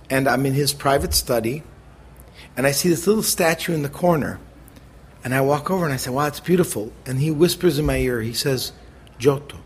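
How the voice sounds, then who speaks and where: A middle-aged American man, a chef as interview guest, telling animated stories and acting out the people he quotes. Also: fairly high pitch, a little hiss or hum. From United States. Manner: animated, acts out quoted voices, quick bursts. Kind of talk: conversational storytelling.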